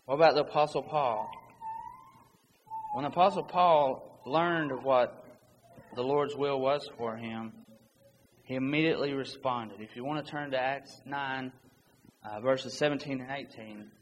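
A preacher gives an earnest, urgent sermon, pausing his own points to read scripture aloud. His middle-pitched voice echoes with long church-hall reverb over faint hiss, the highs are cut off, and he speaks a little slowly with long pauses.

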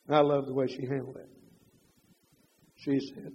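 Older preacher, high husky voice, swings loud to hushed, dull echoing church hall. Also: male voice, fairly even intonation, fairly quick, pauses often. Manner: swings from loud emphatic preaching to quiet confessional storytelling. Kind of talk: sermon.

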